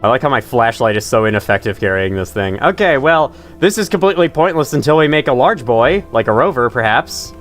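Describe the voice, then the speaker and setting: A man's voice: mid-range voice, expressive, fairly quick, few pauses, a bit bright, soft background music. A man streaming a game live, chatting casually, laughing often and poking fun at himself. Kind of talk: live gameplay commentary.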